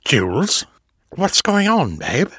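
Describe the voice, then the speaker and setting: A man's voice: a little high, wildly swooping pitch, slow pace, pushed and bright, slightly rough, no echo, studio quality, pitched above the performer's own voice, exaggerated voice. A man voicing a confused, anxious young man in an audiobook.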